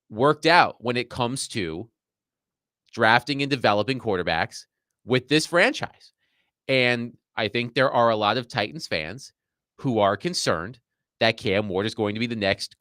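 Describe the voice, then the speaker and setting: A man's voice: medium pitch, fairly bright tone, no room sound. A man hosting sports talk radio, his voice swinging up and down with lots of life. He sounds dry and close to the mic, and he talks like a self-described nerd who loves the numbers.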